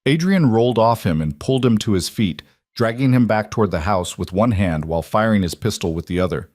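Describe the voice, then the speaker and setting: A man giving tense, measured scripted audiobook narration of a crime thriller. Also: fairly low pitch, expressive, a little mellow, no echo.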